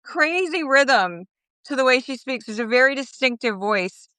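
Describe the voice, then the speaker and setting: A middle-aged woman talking as a guest in a casual interview, lively and quick, laughing between thoughts. Her voice is bright and a little high. The phone sound is dry and close. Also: smooth, dry recording. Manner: animated, quick, laughing asides. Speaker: podcast guest.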